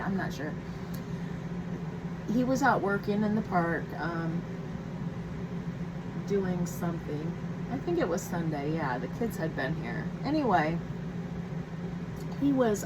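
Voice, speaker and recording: Midwestern woman rambling on while she crafts, kinda low voice, lots of ums, noisy background. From Midwestern United States. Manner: rambling storytelling with many fillers and restarts. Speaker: crafting vlogger. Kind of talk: casual chat while working on a craft kit. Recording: noticeable background noise.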